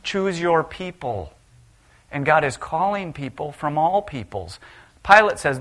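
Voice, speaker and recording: A middle-aged man preaching a sermon. He retells Bible stories and voices the people in them, at times rising to loud exclaims. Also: on the high side, sing-song, unhurried.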